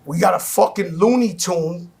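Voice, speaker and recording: A man with a high, gravelly, husky voice talks as an interview guest. He is animated and blunt, swearing freely as he tells stories. His tone is heated and casual. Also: moderate pace. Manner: animated, profane, storytelling.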